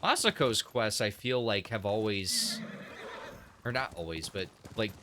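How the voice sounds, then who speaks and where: A man's voice: on the low side, unhurried, pushed and bright, slight background noise. A young man casually commenting on his own gameplay as a streamer, thinking aloud and judging what he sees. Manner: chatty, opinionated, thinks aloud with restarts. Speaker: game streamer.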